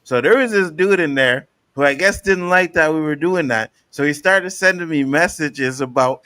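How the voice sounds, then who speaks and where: A man co-hosting a podcast, casually telling animated stories and acting out the people he quotes. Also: a little high, moderate pace, hardly any pauses, clean tone, no room sound. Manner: animated storytelling, acts out quotes. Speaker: podcast co-host. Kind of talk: casual chat.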